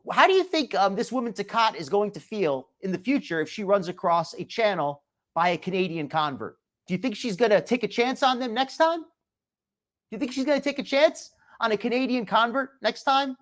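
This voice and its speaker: Lively, sarcastic live-stream host man. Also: high-pitched. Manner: chatty, reads chat names aloud, frequent restarts and sarcastic asides. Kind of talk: casual live-stream commentary.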